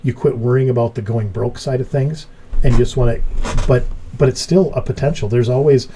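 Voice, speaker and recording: A middle-aged man hosting a relaxed group chat, telling stories with lively jumps in pitch when he acts out what he said. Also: brisk, slight background noise. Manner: animated storyteller, voice jumps up when acting out his story. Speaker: podcast host. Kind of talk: casual chat.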